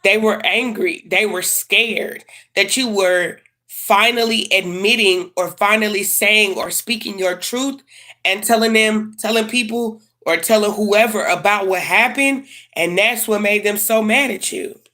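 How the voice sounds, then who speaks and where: A woman's voice: medium pitch, unhurried, bright, forceful tone. A woman giving a casual tarot reading to camera, blunt and slangy. She swears freely and repeats herself for emphasis. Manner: emphatic and repetitive. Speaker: tarot reader.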